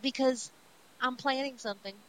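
A woman's voice: high voice, moderate pace, pitched above the performer's own voice, close to an everyday voice, low-quality recording. A woman voicing a cunning, resentful male trickster god in her own everyday voice while retelling a comic. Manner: mildly acted retelling.

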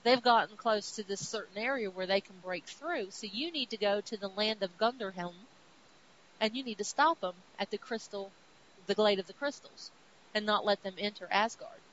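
A woman's voice: medium pitch, moderate pace, fairly bright tone, close to an everyday voice. A woman voicing a grand, stern old male king of the gods as she retells a comic, slipping between lofty decrees and casual talk. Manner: pronouncing decrees, then turning casual. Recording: dull sound with faint hiss.

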